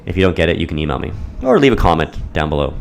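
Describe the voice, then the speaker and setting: A man's voice: rumbling low, big pitch swings, racing, creaky, a little hiss or hum. A man teaching a math lesson in a playful, theatrical way. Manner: playful, theatrical, acts out students' voices.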